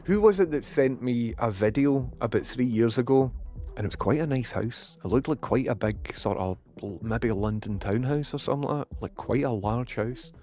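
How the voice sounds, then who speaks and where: A man's voice: medium pitch, moderate pace, faint music behind. A Scottish man hosting a casual live stream, chatting loosely, swearing freely and reading viewer messages aloud. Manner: swears freely, excitable, reads chat aloud. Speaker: livestream host.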